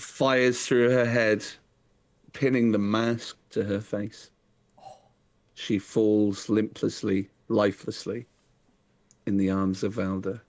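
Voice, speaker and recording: A man's voice: on the low side, little pitch movement, takes it slowly, darkish tone. A man running a tabletop game as game master, narrating dramatically and chatting with players.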